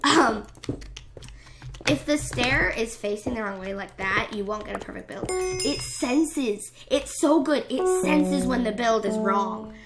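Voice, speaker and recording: A woman's voice: a little high, a little slow. A young woman hosting a gaming channel, chatting casually over her play in a rambling, self-deprecating way that often sinks into whispered asides. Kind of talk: casual game commentary. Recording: loud background music.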